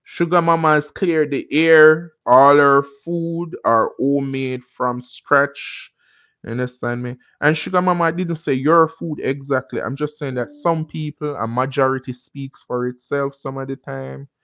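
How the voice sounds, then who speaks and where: A man's voice: mid-range voice, steady tone, measured pace, a bit bright, dry recording, muffled recording. A man with a Jamaican accent, hosting a live stream and chatting casually with viewers, rambling into encouraging life advice. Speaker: livestream host.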